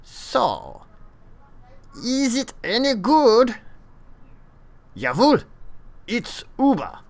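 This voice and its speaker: A man putting on a slow, exaggerated German accent as he opens a game review. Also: extremely high pitch, wildly swooping pitch, voice pushed up, exaggerated voice. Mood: hammy. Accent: put-on German.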